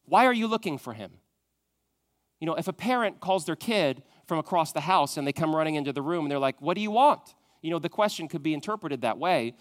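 A man preaching a sermon, moving from loud emphatic questions to a soft, hushed tone. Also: on the high side, animated, a little fast. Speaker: pastor.

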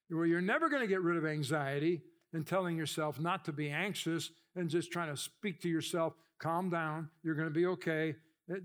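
A pastor preaching a sermon with animated storytelling, acting out voices and getting louder for emphasis. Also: male voice. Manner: animated storytelling, acts out voices, rises in pitch and volume for emphasis.

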